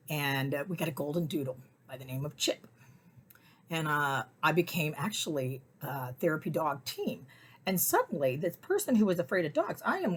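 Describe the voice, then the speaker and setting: A middle-aged woman telling personal stories in a casual, chatty way, often acting out what people said in high voices. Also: slight background noise. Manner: chatty, animated, acts out quotes in high voices. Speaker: weekly message host.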